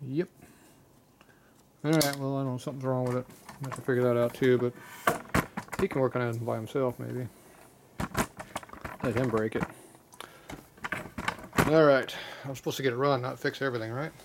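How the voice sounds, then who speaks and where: Man, gravelly voice, blunt mechanic muttering while he works, clanking tools and shop noise behind. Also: mid-range voice, steady tone, normal speed, long pauses. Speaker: motorcycle mechanic. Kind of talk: casual workshop commentary. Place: motorcycle repair workshop.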